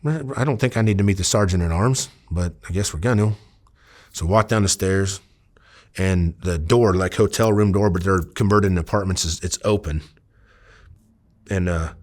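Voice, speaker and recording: A man's voice: on the low side, moderate pace. A middle-aged man from Iowa, a former undercover officer, telling a story in an interview and acting out the voices of the people in it. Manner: animated, acts out quoted voices.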